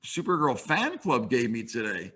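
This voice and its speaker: A man's voice: medium pitch, sing-song, normal speed, pushed and bright, husky, full character voice. A man reading as a wry teenage superheroine.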